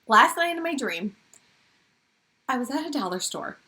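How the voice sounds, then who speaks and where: Woman, podcast co-host, casual storytelling, animated, swearing, bright voice, fairly high. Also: moderate pace. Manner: animated, swearing, acts out dream dialogue.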